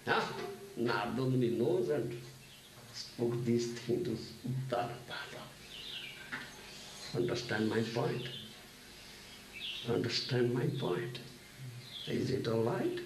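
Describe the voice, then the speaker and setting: A man giving a scripture lecture as a spiritual teacher, speaking slowly and often checking with "huh?". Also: medium pitch. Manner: slow, animated, tag questions "huh?". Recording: echoey room, distant mic, faint noise.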